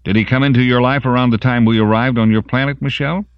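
A man's voice: mid-range voice, steady tone, fast talker, no echo, muffled recording, pitched above the performer's own voice, close to an everyday voice. A man voicing a relentless male interrogator who presses with needling questions.

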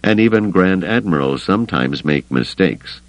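A man voicing a calm, loyal male friend in an audiobook, speaking quietly and with resignation. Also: sits low, moderate pace, no echo. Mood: reassuring.

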